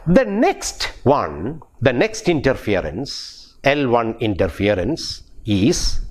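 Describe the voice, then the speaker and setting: A man with a Malayali English accent, a professor giving a recorded pronunciation lecture, who repeats and restarts his phrases and spells out example words letter by letter. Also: a little high. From Kerala, India.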